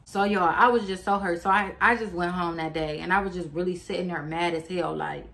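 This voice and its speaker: A woman's voice: lowish voice, fairly even intonation, a little fast, vocal fry, hardly any pauses, a bit bright. Slangy profane woman telling a story. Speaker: vlogger. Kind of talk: casual storytime.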